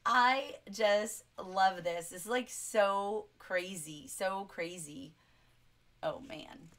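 A woman's voice: medium pitch, very slow, a bit bright. A woman teaching a livestreamed English lesson, chatting enthusiastically, reading quotes aloud and answering viewers' comments.

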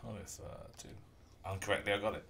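With a fairly low pitch and a quick pace, a man loosely narrates his rugby video game stream. He's relaxed and meandering, humming to himself, with a faint hiss or hum in the audio.

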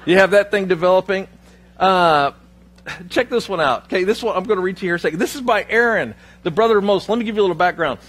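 A male pastor preaches in a fairly high, husky voice. He tells stories with humor and pokes fun at himself as he talks to his church. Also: fast talker, fairly bright tone. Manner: humorous, self-deprecating storytelling. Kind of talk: sermon.

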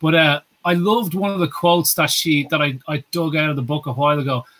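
A man's voice: on the high side, steady tone, a little fast, a bit bright. A man co-hosting a casual podcast chat, rambling and restarting as he talks, also reading out a sponsor notice. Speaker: podcast co-host.

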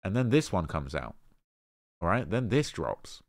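A man hosting a rap commentary show, talking casually in slang with animated emphasis and lots of fillers. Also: deep voice, measured pace, no echo, studio quality. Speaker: host of a rap commentary channel.

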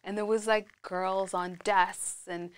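Woman guest on a podcast, smooth clear voice, lively storyteller, casual chat. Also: mid-range voice, slow pace. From Scotland. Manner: animated storyteller, acts out past moments.

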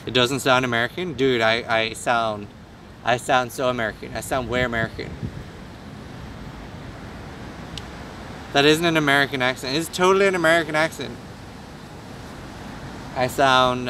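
A man's voice: mid-range voice, very animated, unhurried, pushed and bright, recorded from a distance, voice pushed down, rough recording. An Irish man putting on an exaggerated, playful American accent while filming himself on a busy city street. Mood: insistent. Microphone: handheld camera filming himself. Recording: street traffic noise behind.

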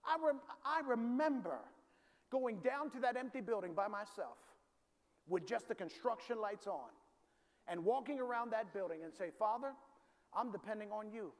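Pastor guy preaching, really high voice, big echoey church hall, shouts then drops low. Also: lively intonation, normal speed. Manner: call-and-response preaching, rising to shouts. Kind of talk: sermon. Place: large church sanctuary. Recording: reverberant hall, faint ambience.

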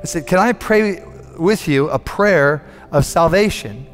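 A man's voice: a little high, lively intonation, a little slow. A man preaching a sermon as a pastor, telling a story earnestly and often repeating words as he builds up. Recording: long hall reverb with faint music.

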